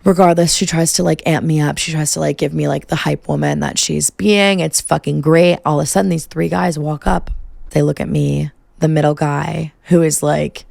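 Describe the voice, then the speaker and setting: A woman's voice: sits low, steady tone, moderate pace, creaky, a little mellow, dry recording, clean studio sound. A young woman podcast host in her twenties telling a personal story casually, peppering every phrase with "like" and swearing freely. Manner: profane, valley-girl filler "like".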